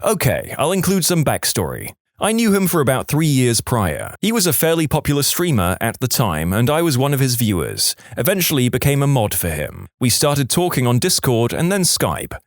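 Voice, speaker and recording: A man narrating listener stories in a lively voice that rises and falls a lot. He is recorded close to the mic, with a dry sound and no room echo. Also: mid-range voice, moderate pace, hardly any pauses. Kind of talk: scripted narration.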